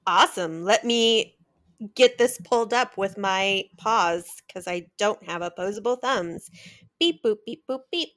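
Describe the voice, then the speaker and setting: A woman's voice: medium pitch, animated, unhurried, a bit bright. A woman playing a cheerful cat who hosts a podcast, goofy and playful in her banter. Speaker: host.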